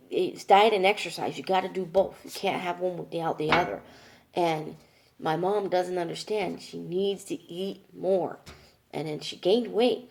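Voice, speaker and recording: A woman speaks in a candid video diary, her voice low, dark and a bit gravelly. She sounds exasperated as she vents, acting out whole conversations line by line. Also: a little hiss or hum. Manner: exasperated, venting, quotes others in dialogue. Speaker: caregiver daughter.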